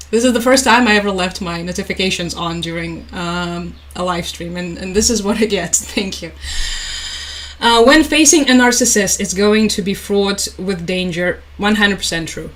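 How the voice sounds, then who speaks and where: A woman's voice: fairly low pitch, fairly even intonation, unhurried, poor audio. A young woman hosting a casual live stream, chatting, laughing often and reading out viewer comments. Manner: chatty, laughs often, reads chat aloud.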